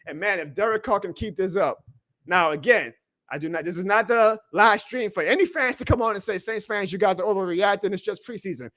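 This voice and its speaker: A man's voice: sits high, fairly bright tone. A man hosting a live sports reaction stream, fired up and emphatic, repeating his lines for effect. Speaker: livestream host.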